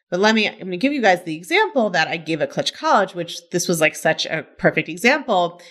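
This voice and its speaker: Lively chatty woman coach. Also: lowish voice. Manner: chatty, frequent "like" and "right?", laughs often. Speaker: coach and teacher. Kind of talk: casual solo podcast talk.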